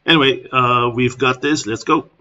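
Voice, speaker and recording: A man with a German accent casually walking through a software tutorial at his computer, rambling with plenty of filler words. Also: mid-range voice, normal speed. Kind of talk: casual screen-recording tutorial. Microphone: computer microphone. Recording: dull lo-fi screen recording.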